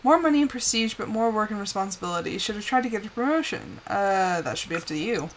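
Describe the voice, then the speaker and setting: A young woman streams a life-simulation game in a mid-range, animated voice, talking quickly with few pauses, and there's a little hiss or hum in the audio. It's casual live-stream commentary: she chats, laughs often, and talks to the characters on screen.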